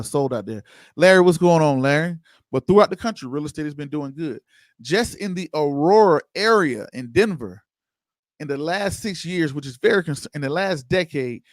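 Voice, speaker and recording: A man's voice: fairly high pitch, no room sound. A man hosting an investing livestream, chatting loosely and answering viewers' comments by name. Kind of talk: casual livestream commentary reading chat.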